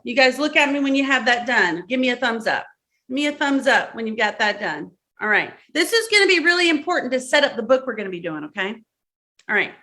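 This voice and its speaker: A woman's voice: on the high side, very animated, brisk, bright, forceful tone. A woman with a Southern accent leading a live-streamed workshop, giving step-by-step instructions, repeating key words and checking in often. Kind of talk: instructional talk to a live audience.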